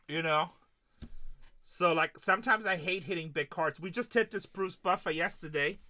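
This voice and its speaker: A man's voice: a little high, pushed and bright. A man hosting a live card-break stream, chatting casually and retelling stories of his conversations with customers.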